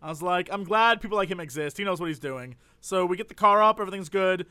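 A man co-hosting a podcast, telling a story in a quick, animated, self-mocking way that is full of laughter. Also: high voice, clear, resonant tone, dry recording. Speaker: podcast co-host. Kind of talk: casual comedic storytelling.

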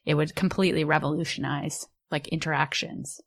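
A woman co-hosting a podcast, thoughtfully building on her guest's points in relaxed conversation. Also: deep voice, brisk, breathy edge. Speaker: podcast co-host.

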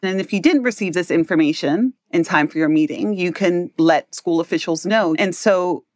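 A woman's voice: lowish voice, moderate pace, a little mellow. A woman in her thirties with a New York accent talks as a podcast guest. She explains things earnestly and checks in with listeners as she goes. The sound is dry and close, with no room echo. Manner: earnest, explanatory, often ends points with "right?". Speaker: guest, educator and parent. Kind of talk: podcast interview.

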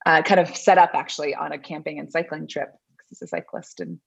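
Low-ish woman guest, laughy and chatty, muffled lo-fi audio. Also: steady tone, a little fast, gravelly, husky. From American South. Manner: chatty, laughs often, self-deprecating. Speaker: podcast guest. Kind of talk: casual interview chat.

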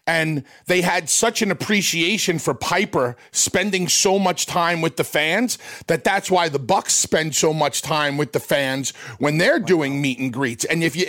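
A man hosting a podcast, chatting in a quick, conversational, self-deprecating way. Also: a little high, fairly bright tone. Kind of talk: casual chat.

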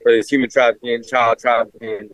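A man's voice: mid-range voice, flat delivery, fairly quick, rough recording. A man interviewed on the street by a stream reporter, speaking insistently.

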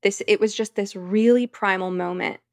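A woman's voice: medium pitch, steady tone, normal speed, creaky, slight background noise. A woman, a podcast guest, telling a long personal anecdote in a rambling, vivid conversational way. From United States. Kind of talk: storytelling in conversation.

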